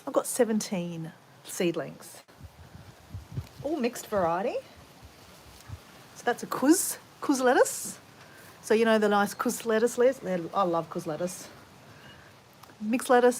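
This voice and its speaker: A woman's voice: medium pitch, lively intonation, measured pace, pauses often, darkish tone, slight background noise. A woman with an Australian accent, chatting in a rambling way to live viewers while she gardens at home. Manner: chatty, rambling storyteller, greets viewers mid-sentence. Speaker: vlogger.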